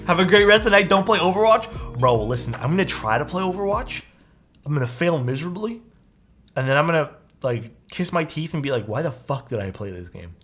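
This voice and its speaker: Young man, streamer, casual chat, higher voice, very animated, swears a lot, faint music behind. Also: brisk. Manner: animated, swears casually, calls viewers dude.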